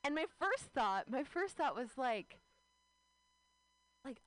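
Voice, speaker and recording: Animated self-mocking woman doing stand-up. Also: fairly high pitch, moderate pace, dry recording, low-quality recording. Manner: rambling, self-mocking, full of "like". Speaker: stand-up comedian. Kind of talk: stand-up storytelling set.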